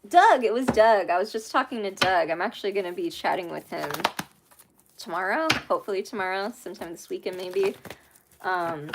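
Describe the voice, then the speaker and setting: A woman's voice: fairly low pitch, brisk, background noise. A young adult woman giving a casual, rambling tarot reading, full of fillers and asides. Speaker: tarot reader.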